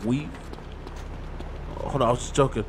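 A man doing casual let's play commentary, loud, profane and joking. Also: mid-range voice, fairly even intonation, normal speed. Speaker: gameplay commentator.

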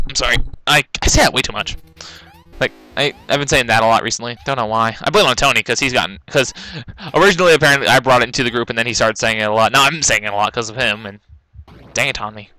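Excitable young man rambling over gameplay. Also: medium pitch, low-quality recording. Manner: rambling, excitable, frequent loud outbursts. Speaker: gaming commentator. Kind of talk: casual let's-play commentary. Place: bedroom, kneeling at a laptop on the bed. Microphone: laptop mic.

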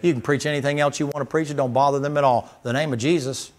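A man's voice: on the high side, fairly even intonation, fast talker. A man preaching a sermon as pastor, folksy and emphatic, firing rhetorical questions at the congregation.

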